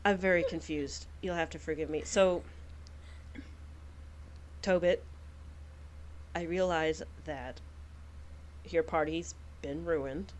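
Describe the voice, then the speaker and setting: A woman voicing a grave, formal figure who speaks in a slow, measured way, much lower than her own voice. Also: steady tone, slight background noise.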